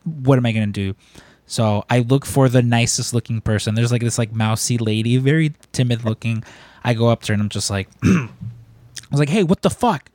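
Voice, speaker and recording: Animated man telling a story, dry room. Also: medium pitch, fairly quick, no echo. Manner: animated storyteller, acts out quoted voices. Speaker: podcast host. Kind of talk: casual storytelling chat.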